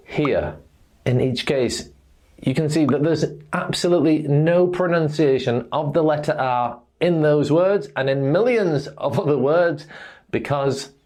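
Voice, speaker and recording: Teacher going thru pronunciation slowly, word by word, voice bouncing up and down a lot. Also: mid-range voice, darkish tone. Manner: slow, deliberate, demonstrates words one at a time. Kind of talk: pronunciation lesson.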